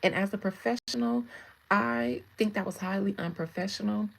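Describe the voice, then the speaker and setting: Woman, husky gravelly voice, chatty livestream tarot host. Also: medium pitch, normal speed, poor audio. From United States. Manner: chatty, greets viewers, laughs often. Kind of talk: casual livestream chat.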